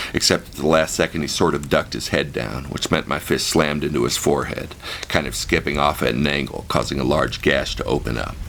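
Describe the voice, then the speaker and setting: A man's voice: rumbling low, creaky, fairly bright tone, slight background noise. A man narrating his own memoir as an audiobook, frank, vivid and profane. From United States. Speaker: author-narrator.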